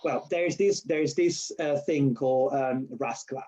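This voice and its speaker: A university lecturer and nurse, a man with a Spanish accent, tells stories in a casual interview in a mid-range, slightly slow voice. He's an animated storyteller who acts out quotes, laughs often, and keeps restarting and correcting himself. The recording is dull and lo-fi.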